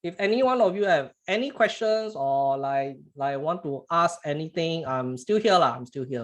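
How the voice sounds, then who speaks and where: A man with a Singaporean English accent hosting a casual live trading webinar, halting and repeating words, chatty with "lah" at phrase ends. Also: fairly high pitch, lively intonation. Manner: chuckles while talking, snacking between lines.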